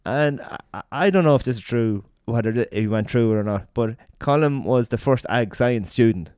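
A man's voice: mid-range voice, lively intonation, normal speed, a little mellow, clear, resonant tone, no room sound, studio quality. Rambling Irish man chatting. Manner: hesitant, rambling storyteller with many fillers. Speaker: podcast co-host. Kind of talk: casual chat.

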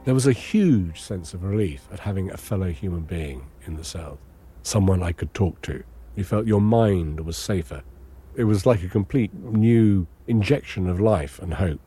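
An English man recounting a long ordeal in measured, understated, wry first-person testimony. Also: sits low, animated, dark tone, husky. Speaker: interviewee recounting his captivity.

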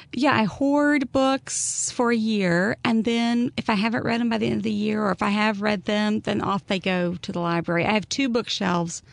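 A woman's voice: medium pitch, gravelly, no echo. A middle-aged woman with an Alabama Southern accent, telling stories and laughing often as a guest in a casual chat. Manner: chatty storyteller, laughs often. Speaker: guest author.

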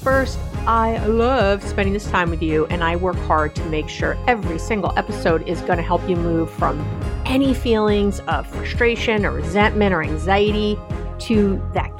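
Middle-aged lady podcast host, chatty and excited, repeats stuff for emphasis, faint music under her. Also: mid-range voice. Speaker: podcast host, relationship therapist. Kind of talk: warm direct-to-listener podcast talk.

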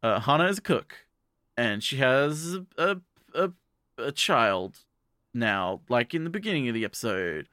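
A man's voice: medium pitch, very animated, a little slow, bright, forceful tone, no room sound, clean studio sound. A man casually recapping an anime episode as a podcast co-host, rambling with many restarts and fillers. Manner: quotes characters in offhand voices.

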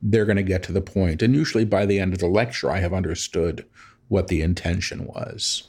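A man's voice: low-pitched, steady tone, brisk, darkish tone. A man being interviewed about his spiritual work, telling stories in a reflective, wry way. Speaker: interview guest, spiritual channeler. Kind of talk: conversational interview.

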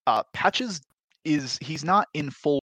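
A man's voice: on the high side, animated, slow, a bit bright, no echo. A man playing a tabletop game in a laid-back way, describing what his character does. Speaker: player.

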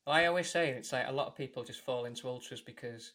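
A British man hosts a casual interview, his pitch sitting in an ordinary middle register. He asks questions in a relaxed, halting way, often restarting his sentences. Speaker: podcast host.

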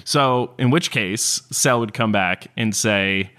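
Man, tabletop player, low voice, rambling thinking-aloud delivery. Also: takes it slowly, pushed and bright, smooth. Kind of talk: tabletop role-play.

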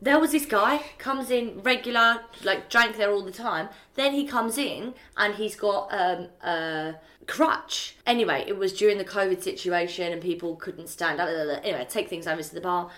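Woman co-host, mid-pitched, chatty storyteller who swears and laughs at herself. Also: moderate pace, a bit bright. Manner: rambling storyteller, self-mocking, swears often. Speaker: podcast co-host. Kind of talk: casual chat.

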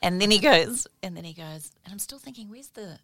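A middle-aged woman telling a lively family anecdote as a podcast guest, acting out the dialogue. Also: medium pitch, fairly quick.

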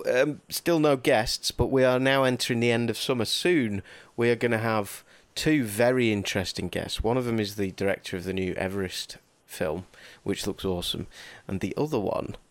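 A man's voice: lowish voice, steady tone, moderate pace, hardly any pauses, dry recording. A man co-hosting a casual podcast chat, rambling and joking at his own expense. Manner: rambling, jokey, self-deprecating. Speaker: podcast co-host.

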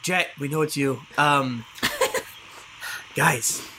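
A man's voice: a little high, extremely slow, bright, forceful tone, slight background noise, rough recording. A man playing a tabletop role-playing game, joking, often laughing and stammering as he talks in character. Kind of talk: casual in-character game chat.

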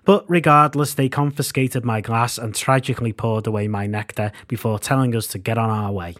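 A man's voice: mid-range voice, steady tone, a little fast, a bit bright. A man, reading his own band memoir in a wry, self-mocking way. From Liverpool, England. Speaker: podcast host and narrator. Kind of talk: scripted memoir narration.

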